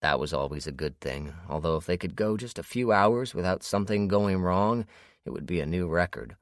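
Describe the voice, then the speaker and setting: A man narrating an audiobook in a steady storytelling manner. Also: sits low, brisk, no echo, studio quality. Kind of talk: scripted narration.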